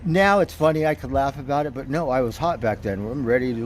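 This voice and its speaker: Livestreaming outdoors against a noisy background, a man tells a story at normal speed in a mid-range voice. He's casual and profane, chuckling as he goes through an animated retelling.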